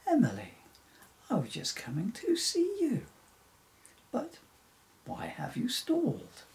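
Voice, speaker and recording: A friendly young male unicorn, as a man puts him on in a read-aloud storybook. The voice is pitched high and chatty, with a lively lilt and a slow, slightly gravelly delivery. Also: far from the mic, exaggerated voice.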